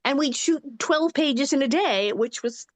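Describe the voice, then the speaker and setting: A woman in her sixties tells animated stories as an actress guest, jumping into other people's voices as she goes. Her voice sits fairly high, and the recording is dry and close, with no room around it. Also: measured pace, no echo. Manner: animated storyteller who acts out quotes. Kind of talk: casual interview anecdote.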